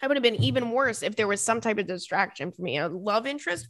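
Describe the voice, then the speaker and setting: A woman's voice: mid-range voice, expressive, fast talker, fairly bright tone, no echo, studio quality. A woman in her thirties hosting a podcast, reading listener emails in a casual chat full of laughing tangents and swearing.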